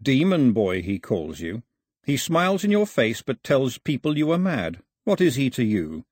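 A man's voice: mid-range voice, very animated, normal speed, a little mellow, no echo. A man voicing a sly, mocking shark spirit. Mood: taunting. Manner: mocking, teasing.

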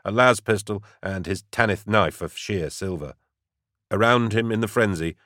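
A man narrating an audiobook in a steady, dramatic way. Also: sits low, dry recording, studio quality.

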